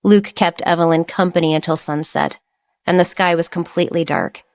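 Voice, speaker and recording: A woman narrating an audiobook romance in steady scripted narration. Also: on the low side, moderate pace, vocal fry, no echo, clean studio sound.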